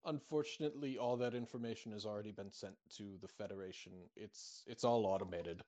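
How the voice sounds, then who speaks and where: A man's voice: on the low side, fairly quick, a little mellow, close to an everyday voice. A man improvising a slimy alien crewman. He stammers and stays awkwardly polite. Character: slimy alien crewman who reads crew mail. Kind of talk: improvised sci-fi role-play.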